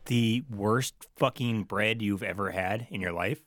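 A man co-hosting a casual podcast, blunt and deadpan, swearing freely. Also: lowish voice, unhurried, no echo, clean studio sound. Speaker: podcast co-host.

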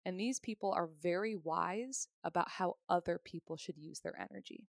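A woman's voice: lowish voice, normal speed, vocal fry, no room sound, studio quality. A woman, likely in her thirties, chatting as a podcast guest, explaining ideas in a friendly, talkative way and laughing often. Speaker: podcast guest, human design reader. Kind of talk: casual podcast conversation.

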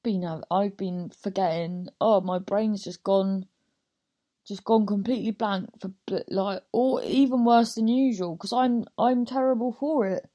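Young woman comic, chatty and scattered, mid-pitched voice, casual podcast monologue. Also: unhurried, warm tone. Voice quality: chatty, scattered, self-interrupting, swears often. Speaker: stand-up comedian.

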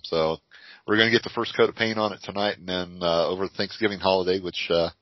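A man's voice: sits low, fairly even intonation, quick pace, dry recording. An older man co-hosting a podcast, telling rambling stories with chuckles in casual chat. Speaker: podcast co-host. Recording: dull lo-fi dry recording.

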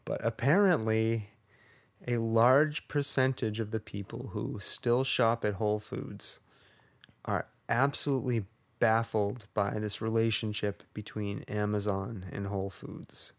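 Guy co-hosting a podcast, slow sarcastic rant, swears constantly. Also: on the low side, steady tone, vocal fry, no echo. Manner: profane, sarcastic ranting. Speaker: podcast co-host.

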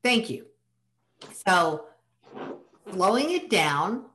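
A woman hosting a podcast interview, reacting playfully and asking quick questions. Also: mid-range voice, very animated, a bit bright, reverberant. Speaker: podcast host.

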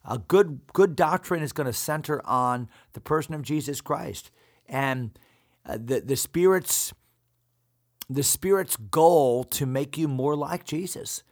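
Gravelly, lively-voiced man preaching. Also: a little high, unhurried. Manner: earnest preaching cadence with repeated phrases. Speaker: pastor. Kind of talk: Bible teaching discussion.

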